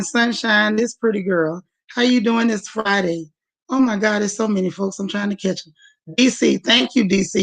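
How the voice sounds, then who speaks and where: Gravelly-voiced woman hosting a live chat. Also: mid-range voice. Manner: warm, chatty, calls viewers sis and y'all. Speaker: livestream host. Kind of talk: casual livestream chat greeting viewers.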